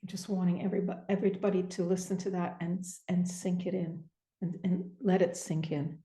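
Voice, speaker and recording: A woman interview host with a mellow, darker tone speaks in a roomy, echoing space. She is effusive and halting, stumbling over her words as she praises her guest. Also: lowish voice, flat delivery. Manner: effusive, halting, tearful at times. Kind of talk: emotional interview chat.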